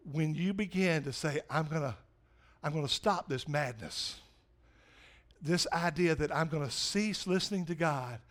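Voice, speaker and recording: Fervent high-voiced male preacher. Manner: fervent preaching, swings from loud urgent to hushed. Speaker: pastor. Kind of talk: sermon.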